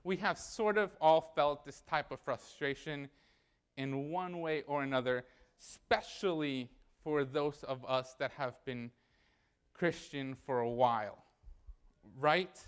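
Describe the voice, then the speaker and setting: A man's voice: on the high side, clear, resonant tone. A young man preaching a sermon in a church, telling a personal story in a conversational way and acting out the dialogue.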